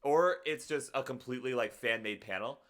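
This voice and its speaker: A man's voice: medium pitch, brisk, a bit bright. A man streaming live in casual chat, rambling in a playful, self-deprecating way.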